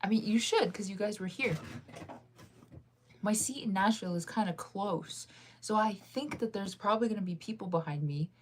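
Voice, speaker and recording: A woman's voice: medium pitch, moderate pace, a little hiss or hum. A young woman chatting casually to her viewers, rambling and indecisive, laughing often as she talks things through. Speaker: vlogger.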